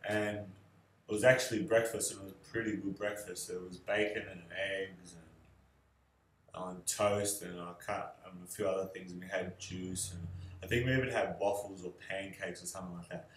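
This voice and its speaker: A young man answering questions about his fiancée in a relaxed, rambling way, with many fillers. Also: deep voice, moderate pace, a little hiss or hum. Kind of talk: casual video answers. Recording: echoey room.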